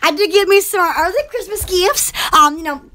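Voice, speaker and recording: Super high-pitched lady rambling to her live viewers, all excited and gushing. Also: normal speed. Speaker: live-stream host chatting with viewers. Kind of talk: rambling casual chat.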